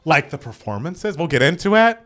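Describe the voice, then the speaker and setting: A young man co-hosting a live stream, gushing and animated as he chats about an awards show. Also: on the high side, brisk. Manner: gushing, animated, reads out viewer comments. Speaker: podcast co-host. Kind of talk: excited live-stream chat.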